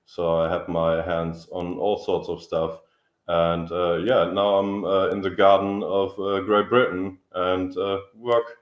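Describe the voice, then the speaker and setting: A man's voice: deep voice, reverberant, lo-fi sound. A man with a German accent, a guest engineer speaking in a friendly, hesitant way with many fillers. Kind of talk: casual interview.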